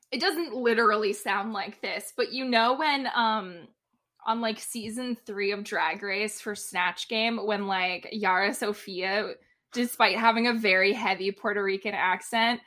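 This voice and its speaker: A woman's voice: a little high, fairly bright tone. A woman co-hosting a podcast, chatting casually about a TV episode, laughing often and filling her talk with "like". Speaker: podcast co-host. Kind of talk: casual TV recap chat.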